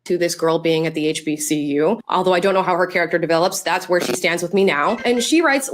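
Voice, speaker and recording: A woman's voice: fairly low pitch, brisk, few pauses. A woman giving pointed, wry social media commentary. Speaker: online commentator in a played clip.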